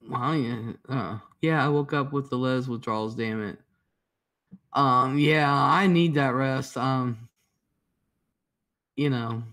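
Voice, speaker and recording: A man's voice: medium pitch, takes it slowly, pauses often, a bit bright. Male livestream host, casual and rambling, reads out viewer comments. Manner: reads out viewer comments, greets chatters by name; laid-back, profane, rambling. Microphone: headphones and computer mic.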